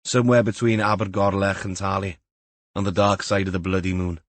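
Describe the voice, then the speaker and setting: Man playing a gruff sardonic chief inspector. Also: low-pitched, little pitch movement, brisk, dry recording, natural voice. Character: gruff, dry-witted senior Welsh detective.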